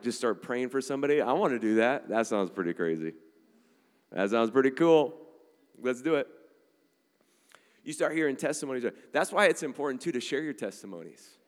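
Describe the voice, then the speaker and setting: A man preaching a sermon to a church congregation, energetic and conversational, often checking in with "all right?" and "amen?". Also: mid-range voice, clean tone. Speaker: pastor. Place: church sanctuary. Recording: long hall reverb.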